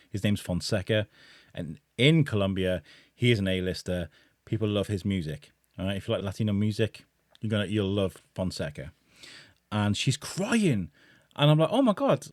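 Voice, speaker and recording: A man's voice: on the low side, no echo, clean studio sound. A man, a podcast guest, tells a funny personal story with bursts of laughter. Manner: animated, laughing while telling a story.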